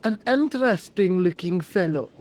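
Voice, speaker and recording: A woman voicing a genteel older woman traveler in a video game, dry and quietly teasing. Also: fairly low pitch, lively intonation, normal speed, close to an everyday voice. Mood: dry amused.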